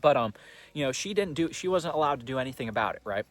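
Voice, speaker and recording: Brief: young guy, quick casual storytelling, rambling and profane, everyday mid-range voice. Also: medium pitch, lively intonation. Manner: rambling, profane, full of fillers.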